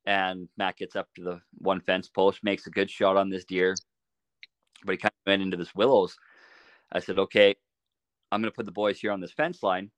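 A middle-aged man telling stories in a relaxed, casual way as a podcast guest, often laughing as he talks. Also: low voice, normal speed, dry recording. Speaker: podcast guest, archery shop owner. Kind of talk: casual storytelling.

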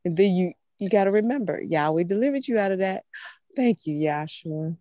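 A woman's voice: mid-range voice, lively intonation, fast, warm tone, no room sound. A woman preaching a sermon in a fervent, emphatic way, repeating phrases for stress. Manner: fervent, emphatic, with emotional laughs.

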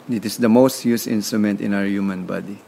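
A man's voice: lowish voice, moderate pace, vocal fry, warm tone, slight background noise. A Filipino man with a Filipino accent, a podcast guest speaking in an emphatic, motivational way. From Philippines. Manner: emphatic, motivational, repeats words. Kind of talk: conversational interview.

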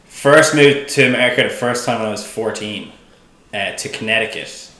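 A man's voice: on the low side, moderate pace, bright, forceful tone, roomy sound. A man in his twenties from Ireland with an Irish accent, a guest in a casual podcast chat, laid-back and full of "like" fillers and swearing. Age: 20s.

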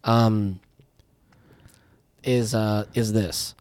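A man's voice: on the low side, steady tone, drawn-out words, darkish tone, clean tone, no room sound. A man co-hosting a casual podcast, ranting through profane stories about his work at a tire shop. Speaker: podcast co-host.

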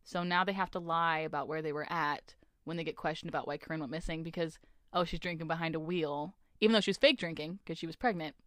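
A woman's voice: low voice, fast talker, no room sound, clean studio sound. A young woman co-hosting a podcast, animatedly retelling a novel's plot in casual chat, swearing often and acting out the characters' lines. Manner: animated retelling with lots of swearing and quoted voices. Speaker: podcast co-host. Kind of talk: casual book-club chat.

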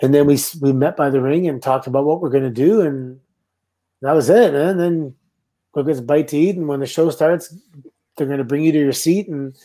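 A middle-aged Canadian man, a former wrestler, telling relaxed anecdotes with laughs as a guest. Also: on the high side, a little fast. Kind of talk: casual storytelling.

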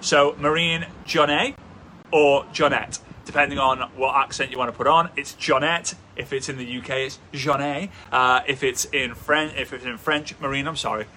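A man's voice: medium pitch, fairly even intonation, normal speed, bright, forceful tone, a little hiss or hum. A man, hosting a live coaching Q&A, talking with energy and hammering key points through repetition. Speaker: host, business coach. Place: indoors, traffic passing outside.

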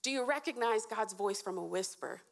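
A woman's voice: mid-range voice, expressive, moderate pace, vocal fry. A woman giving a short, earnest sermon to a live audience, asking them questions and encouraging them. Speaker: speaker at a church event.

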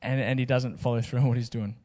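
Brief: male pastor, relaxed jokey sermon delivery, mid-pitched voice. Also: quick pace, long reverb tail. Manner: casual, jokey preaching with slang asides.

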